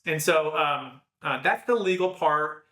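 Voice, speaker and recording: A man giving an energetic, persuasive podcast pitch on tax strategy, telling a story and acting out the dialogue. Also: measured pace, echoey room.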